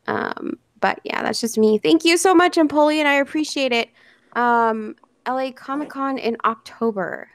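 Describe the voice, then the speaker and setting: A woman's voice: high-pitched, normal speed, dry recording. A woman in her twenties hosting a casual live-stream interview, greeting viewers by name as she chats. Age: 20s.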